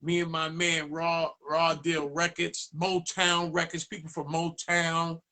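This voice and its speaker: A man tells stories as a DJ guest in a relaxed interview. His voice sits a bit high and bright, and it jumps up when he plays out other people's lines. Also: measured pace. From Boston, USA. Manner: animated, acts out dialogue in raised voice. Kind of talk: casual storytelling interview.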